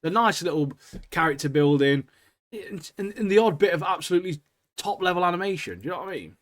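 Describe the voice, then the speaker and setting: A man's voice: high voice, animated, quick pace, a bit bright. A young man co-hosting a podcast, chatting casually with slang and enthusiasm. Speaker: podcast co-host. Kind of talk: casual chat.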